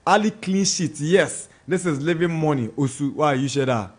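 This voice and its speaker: A man's voice: fairly high pitch, animated. Ghanaian man reading listener messages. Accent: Ghanaian English. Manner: brisk, chatty, comments between messages. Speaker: sports radio host.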